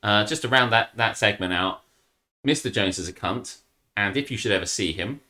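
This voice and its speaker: A man's voice: on the low side, moderate pace, sharp tone. A man co-hosting a podcast in casual chat, swearing freely and slipping into mocking voices. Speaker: podcast co-host.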